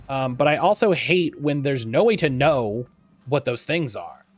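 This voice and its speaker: A man streaming a video game, chatting excitedly and reading in-game text aloud. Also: medium pitch, faint music behind. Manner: excitable, swears casually, reads item text in a measured voice. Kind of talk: casual let's-play commentary, reading game text aloud.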